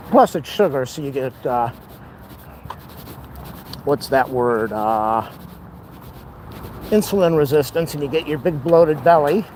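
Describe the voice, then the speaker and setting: A man's voice: fairly high pitch, darkish tone, low-quality recording. Winded man ranting on a walk. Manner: ranting, opinionated, talks while walking. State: out of breath from walking uphill. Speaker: vlogger. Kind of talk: rambling walking vlog. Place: outdoors on city streets. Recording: faint street noise outdoors.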